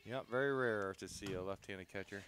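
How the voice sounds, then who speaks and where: Local play-by-play guy, brisk and factual, calling softball from a press box. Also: lowish voice, background noise. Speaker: play-by-play announcer. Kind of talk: play-by-play sports commentary.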